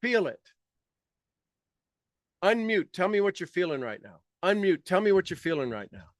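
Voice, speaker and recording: A man's voice: high voice, fairly quick, no room sound, clean studio sound. A man leading an online coaching session, guiding listeners through a visualization with coaxing instructions and acted-out reactions. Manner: energetic, coaxing, acts out reactions. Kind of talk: guided visualization workshop. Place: online video call session.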